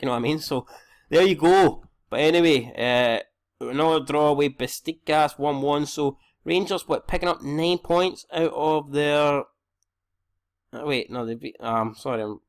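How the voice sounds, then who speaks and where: A young Scottish man giving casual, sweary commentary on a football management game, often tripping over names. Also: medium pitch. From Scotland. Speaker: gaming YouTuber.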